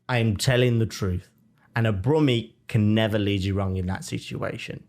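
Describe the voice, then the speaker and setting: A young man with a Birmingham accent, co-hosting a podcast in casual chat, animated and jokey as he tells stories. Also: on the low side, moderate pace. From Birmingham, England. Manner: animated, jokey storytelling with mock-defiant asides. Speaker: podcast co-host.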